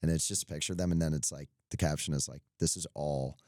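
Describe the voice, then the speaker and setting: A man's voice: extremely low pitch, steady tone, rapid-fire, darkish tone, no room sound, clean studio sound. A young man co-hosting a podcast, chatting casually about sports bets, joking and rambling and laughing at himself. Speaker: podcast co-host. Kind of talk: casual sports betting chat.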